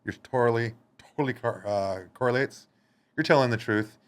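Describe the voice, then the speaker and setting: A man quoting a calm businesslike gangster. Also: medium pitch, a little fast, close to an everyday voice. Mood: matter-of-fact. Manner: matter-of-fact, reassuring.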